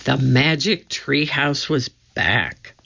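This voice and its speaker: Measured children's audiobook narrator, bright tone, muffled lo-fi recording. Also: mid-range voice. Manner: slow, measured and gravelly.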